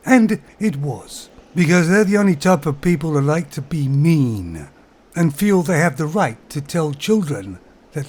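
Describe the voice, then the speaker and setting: A man's voice: on the high side, darkish tone. A man with an English accent giving a sarcastic, ranting monologue to his viewers, chuckling at his own remarks. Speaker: vlogger. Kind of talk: opinionated monologue.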